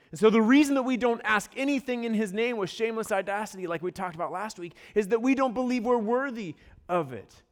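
A man preaching a sermon, telling stories with acted-out voices and dropping into quiet asides. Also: sits high, in a large hall. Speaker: pastor.

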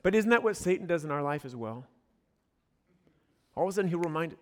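High-voiced pastor preaching in a reverberant hall. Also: male voice, fairly quick. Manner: storytelling with acted-out voices, drops to quiet asides. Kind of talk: sermon.

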